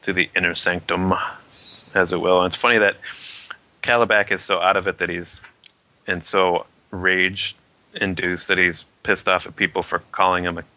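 A man casually discussing a comic book issue, rambling and halting with many fillers. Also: sits low, flat delivery, pushed and bright, no echo, poor audio. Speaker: comic book podcast co-host.

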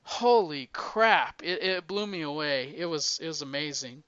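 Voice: mid-range voice, normal speed, pushed and bright, clean tone, no room sound. A podcast co-host casually retelling a movie plot, rambling and swearing, with lots of "like" and restarts. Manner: rambling and profane, heavy use of "like". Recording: dull lo-fi recording.

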